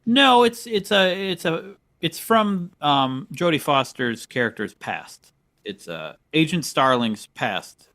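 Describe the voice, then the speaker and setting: Male comedy podcast straight man, lively pitch, patient and correcting, dry sound. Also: slow pace, no echo. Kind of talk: improvised comedic banter.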